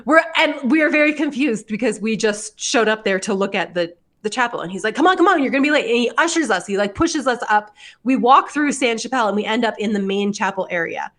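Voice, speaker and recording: A woman's voice: on the high side, lively intonation, brisk, fairly bright tone. A young adult woman hosting a podcast, telling a story in casual chat, full of likes and laughs. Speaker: podcast host.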